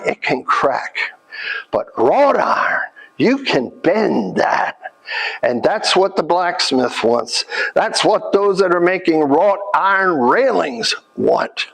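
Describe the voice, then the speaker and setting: A man working as a living history interpreter, giving a folksy, animated storytelling lesson at a historic forge site. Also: sits high, vocal fry, rough recording.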